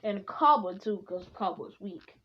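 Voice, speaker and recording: A woman voicing an all-powerful male alien ruler, giving orders in a halting, rambling way. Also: medium pitch, lively intonation, lo-fi sound. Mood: bossy.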